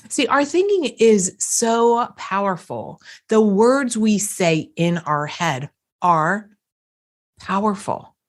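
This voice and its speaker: A woman hosting a motivational podcast, talking emphatically and repeating phrases for effect. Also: medium pitch. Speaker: podcast host, coach.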